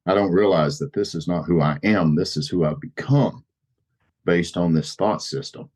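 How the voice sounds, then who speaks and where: Podcast guest, male, deep register, earnest personal sharing with repeated phrases. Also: normal speed, a little mellow, breathy edge.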